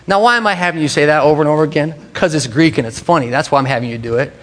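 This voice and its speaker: A man with a fairly high voice preaches a sermon. He talks casually, often restarting his sentences, and playfully gets the congregation to repeat a word with him. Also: fast talker, hardly any pauses, big-room sound. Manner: casual, conversational, with frequent restarts. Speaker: pastor.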